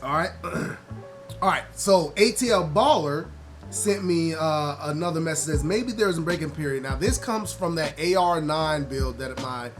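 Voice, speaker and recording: Man, vlog host, slightly high voice, teasing, faint music behind. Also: unhurried. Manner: loud trash-talking teasing, rising high when excited; relaxed and conversational when explaining. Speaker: vlogger host. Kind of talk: casual chat to the camera.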